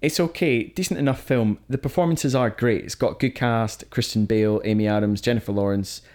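On a casual film-review podcast, a co-host shares strong opinions in a chatty manner and keeps restarting his sentences. His voice is on the low side and a little mellow, steady in tone and a little fast.

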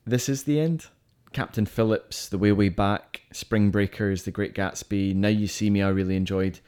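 A man's voice: fairly low pitch, fairly even intonation, normal speed, darkish tone, smooth. A man co-hosting a casual podcast, eagerly listing films he liked and disliked. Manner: rattles off lists of film titles, enthusiastic, with fillers. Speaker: podcast co-host. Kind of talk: casual film chat.

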